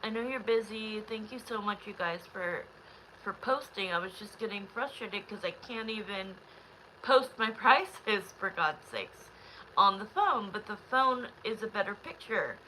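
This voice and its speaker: Bright-voiced woman, frustrated and close to tears. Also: mid-range voice, animated, normal speed, a little hiss or hum, low-quality recording. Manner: rambling, talks straight to the chat. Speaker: tarot reader hosting a live stream. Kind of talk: casual live-stream chat with viewers.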